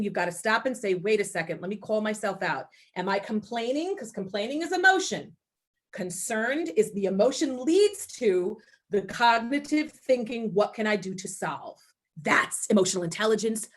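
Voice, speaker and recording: A woman presenting a webinar for teachers, talking emphatically and acting out what people might say, over a video call. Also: mid-range voice. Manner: emphatic, animated, acts out voices. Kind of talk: energetic webinar talk.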